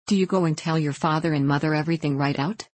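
A woman voicing a mischievous, bossy young boy who drawls his teasing slowly, in a low, dry voice. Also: steady tone, a little mellow, dry recording.

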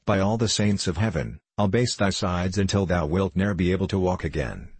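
Sneering forester guy, read by a man, low and husky, old-timey taunts. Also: normal speed, a little mellow, dry recording. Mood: angry. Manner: mocking, archaic speech. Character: scornful male forester, taunting and quick-tempered.

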